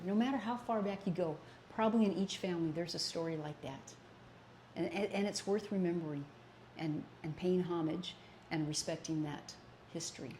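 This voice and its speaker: A woman's voice: lowish voice, darkish tone, a little hiss or hum. An older woman co-hosting a casual political talk show, speaking earnestly and repeating points for emphasis. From American Southwest. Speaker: co-host.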